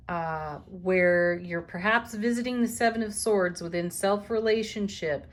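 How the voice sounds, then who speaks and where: A woman giving a daily tarot card reading, speaking in an unhurried, affirming way with spiritual phrasing and soft laughs. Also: medium pitch. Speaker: tarot reader.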